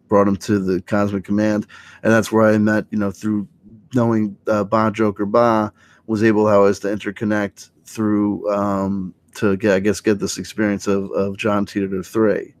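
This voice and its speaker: A man with a fairly low voice talks through a late-night livestream monologue, circling and restarting his thoughts. His delivery is loose and hesitant. The sound is dry and close, with no room around it. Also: moderate pace, no room sound. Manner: rambling, hesitant, full of restarts, animated when quoting. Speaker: livestream host.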